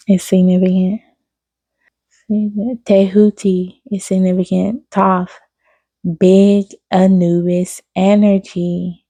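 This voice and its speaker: Woman doing a channeled reading for her viewers, low gravelly voice, pretty flat delivery, calls you baby. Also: no room sound. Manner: affectionate, addresses listener as baby, repeats phrases. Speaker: spiritual reader on her own channel.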